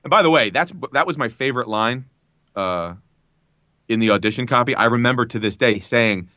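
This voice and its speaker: Man, voice actor, lively podcast chat, crisp bright tone, dry close sound, trained-out Philadelphia accent. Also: mid-range voice, no room sound. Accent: trained-out Philadelphia, standard American Midwestern style. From Philadelphia area. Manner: animated storyteller, laughs often, quick asides. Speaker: guest voice actor.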